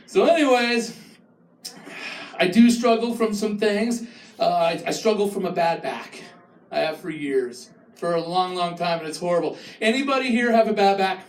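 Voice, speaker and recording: A man on a comedy club stage, telling his story in a lively, animated way, full of groans and little acted voices. His voice sounds a bit distant and bounces around a roomy, echoey space. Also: high-pitched, normal speed. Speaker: stand-up comedian. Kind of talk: stand-up comedy set. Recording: echoey room, voice from far off.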